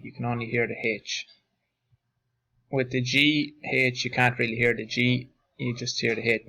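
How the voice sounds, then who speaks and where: A male teacher reading out verb forms in lists and explaining their pronunciation in a slow, deliberate drill. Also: medium pitch, fairly even intonation, sharp tone, low-quality recording.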